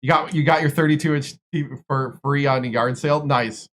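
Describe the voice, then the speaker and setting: Male streamer, from Wisconsin, casual chat, filler-heavy, mid pitch. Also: steady tone, a little fast, fairly bright tone. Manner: rambling, filler-heavy storytelling.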